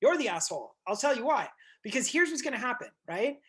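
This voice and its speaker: A man coaching a group of real estate agents over a video call, blunt and animated, swearing and acting out little scenes. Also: very high-pitched, a little fast.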